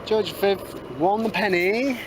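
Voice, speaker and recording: A man's voice: sits high, unhurried. A man giving casual, cheeky running commentary while metal detecting in a field. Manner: chatty, cheeky asides, says moving on a lot. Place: outdoors in a field. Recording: outdoor noise behind.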